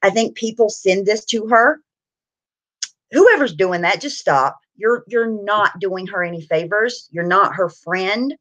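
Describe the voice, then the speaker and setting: A woman's voice: medium pitch, lively intonation, unhurried, fairly bright tone. Woman live-streamer, worn out, loose and chatty; greets the chat by name, laughs often. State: tired.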